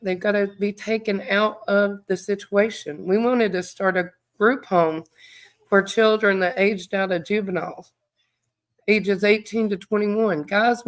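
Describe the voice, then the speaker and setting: Slow-talking woman, teary and congested. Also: mid-range voice. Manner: heartfelt, reads viewer comments aloud. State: congested, near tears. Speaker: true crime livestream host. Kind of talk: emotional livestream chat.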